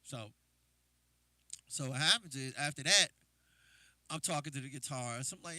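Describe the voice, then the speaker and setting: On his livestream, a drummer from New Jersey tells loose, rambling stories stuffed with fillers. His mid-range voice has a sharp tone and moderate pace, with no room sound.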